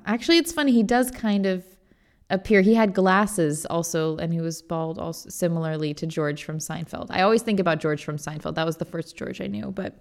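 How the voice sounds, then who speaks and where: Gravelly-voiced woman hosting a podcast. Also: fairly low pitch. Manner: rambling and self-deprecating, laughing often. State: tearful and choked up while reading. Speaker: podcast host and songwriting coach. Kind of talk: casual solo podcast talk.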